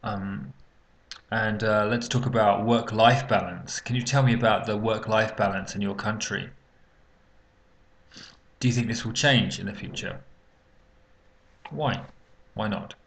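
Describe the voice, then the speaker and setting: A man with a low, gravelly voice walks through feedback on a student's spoken exam answer. He talks off the cuff, hesitant and halting, full of ums and repeated words as he gathers his thoughts. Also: fairly even intonation, fairly bright tone. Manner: hesitant, many fillers and restarts, occasional coughs. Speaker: English exam teacher. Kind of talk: unscripted spoken lesson.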